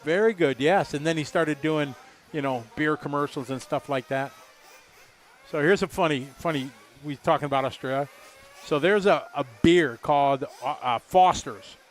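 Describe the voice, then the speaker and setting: A man's voice: a little high, normal speed. A middle-aged man doing live race commentary, chatty and rambling, joking with viewers.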